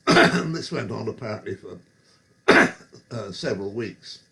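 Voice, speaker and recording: A man's voice: on the low side, lively intonation, measured pace, vocal fry, sharp tone. A man telling rambling, wry pub anecdotes with chuckles and digressions. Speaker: storyteller.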